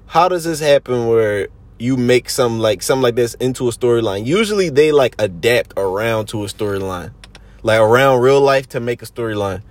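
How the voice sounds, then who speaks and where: A man's voice: medium pitch, lively intonation, moderate pace, no room sound. A man hosting a podcast in a slangy, rambling, casual chat full of fillers. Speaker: podcast host.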